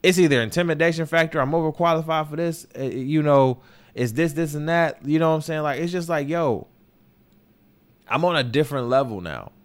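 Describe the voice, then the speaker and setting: Brief: young male podcast host, higher-pitched voice, raw and candid personal talk, heavy swearing, repeats himself and restarts. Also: a little fast. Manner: candid and emotional, swears often, circles back with restarts. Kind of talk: personal opinion monologue. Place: New York.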